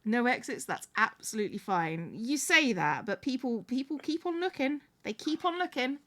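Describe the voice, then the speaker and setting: A fairly high, slightly bright female voice with lively intonation moves at a moderate pace. She's a livestream host chatting casually as she sews crafts, thanking viewers and frequently restarting sentences.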